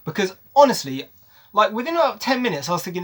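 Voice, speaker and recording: A man reviews a movie in a casual, opinionated rant. His voice sits a little high, and he hammers his points home by repeating them. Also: big pitch swings, fast talker, a bit bright. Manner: emphatic, ranting, repeats words for stress.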